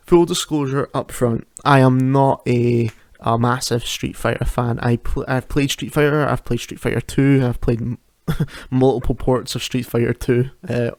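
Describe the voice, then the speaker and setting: Alone at home at night, a male podcast host chats casually, poking fun at himself, laughing a lot and rambling as he keeps restarting sentences. His mid-range voice is a bit mellow, and the recording is dry.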